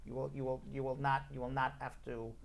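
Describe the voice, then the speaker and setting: A man with a New York accent hosts a live call-in show as an immigration lawyer. He answers questions briskly and with emphasis, cracking jokes between answers. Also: medium pitch, level tone, creaky.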